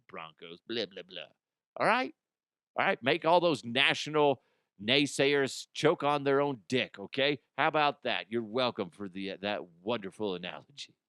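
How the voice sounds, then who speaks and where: A man hosting a comedic football rundown, with an irreverent, profane and animated delivery. His voice sits at a middle pitch, and the recording is dry and close with no room echo. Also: smooth. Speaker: host. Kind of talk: comedic sports commentary.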